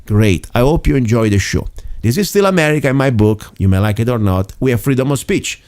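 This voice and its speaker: A man's voice: mid-range voice, expressive, brisk, darkish tone, no echo. A man with an Italian accent hosting a political talk radio show, speaking emphatically with frequent restarts and sounding a bit tired. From Italy. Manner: emphatic, rambling, restarts often. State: tired and irritated.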